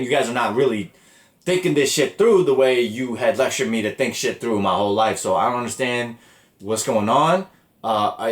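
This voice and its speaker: A young man hosting a podcast, telling a story casually and with a lot of swearing. He sounds exasperated as he acts out the conversations. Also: mid-range voice. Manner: animated, profane, exasperated retelling with quoted dialogue. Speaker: podcast host. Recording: roomy echo.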